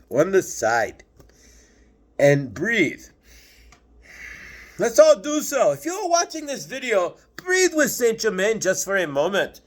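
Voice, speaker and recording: A man's voice: high voice, fairly bright tone, heavily acted. A man channeling a preachy ascended spirit master. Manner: earnest rhetorical questioning, lecturing.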